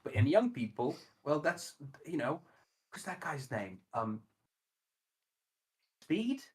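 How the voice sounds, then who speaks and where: A man co-hosting a podcast, ranting in sweary, animated casual chat. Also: on the high side, takes it slowly. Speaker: podcast co-host.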